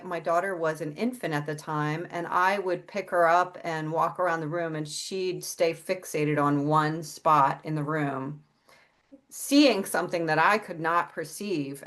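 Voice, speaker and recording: A woman's voice: fairly low pitch, unhurried, a bit bright. A middle-aged woman, an interview guest, telling a personal story in a candid, casual way and swearing freely. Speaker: interview guest, psychic and healer.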